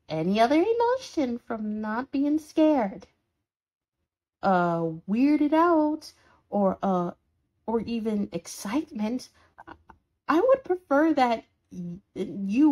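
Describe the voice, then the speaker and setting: Woman voicing a sarcastic demon girl for a listener role-play; a highish voice, scolding and dramatic. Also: darkish tone, full character voice. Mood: exasperated scolding. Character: sarcastic horned female demon, bratty and scolding.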